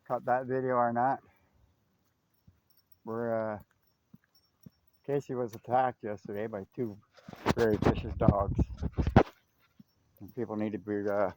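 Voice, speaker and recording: A man's voice: lowish voice, little pitch movement, a little slow, long pauses, darkish tone. A man vlogging casually while walking his dog along a river trail, chatting and calling to the dog. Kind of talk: casual outdoor walk-and-talk. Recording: faint outdoor noise.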